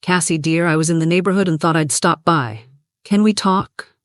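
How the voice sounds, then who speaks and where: A storyteller voicing a poised wealthy mother who speaks smoothly and coolly, in a dry recording. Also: mid-range voice, dry recording, lightly acted. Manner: smooth, measured. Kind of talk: storybook narration.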